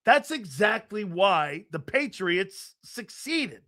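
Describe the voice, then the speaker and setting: Hyped up sports talk guy, high voice that swings all over, swears a lot, yells when he gets going. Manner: excitable, loud, swears freely, bursts into shouts and laughs; rapid storytelling with restarts. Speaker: sports talk show host. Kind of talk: live sports talk show.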